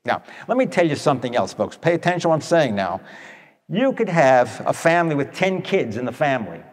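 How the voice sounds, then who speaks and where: A man telling stories to an audience in a blunt, animated way, tossing in rhetorical questions. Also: fairly high pitch, fairly quick. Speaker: speaker addressing an audience. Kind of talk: storytelling talk to an audience. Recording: long echoey hall reverb.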